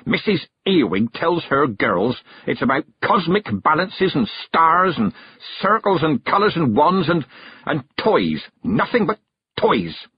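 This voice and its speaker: A man putting on a gruff old witch woman. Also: fairly high pitch, very animated, measured pace, no room sound, lo-fi sound, voice pushed up, full character voice. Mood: scornful. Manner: gruff, plain-spoken, dropped-g country grammar.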